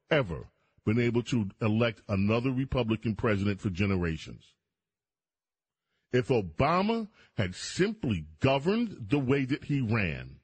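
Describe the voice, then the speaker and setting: A man's voice: a little high, breathy edge. A man hosting a talk radio show, delivering an emphatic monologue straight to his listeners. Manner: emphatic, addresses listeners directly.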